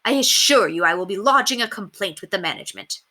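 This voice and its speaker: A woman voicing a proper young governess in a storybook, calling out high and then scolding primly. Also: lively intonation, quick pace, sharp tone. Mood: indignant.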